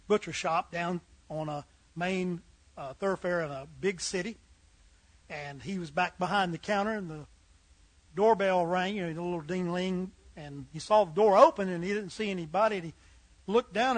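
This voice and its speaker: A man's voice: high voice, dry recording, poor audio. A man preaching a sermon, telling folksy humorous stories and acting out the characters.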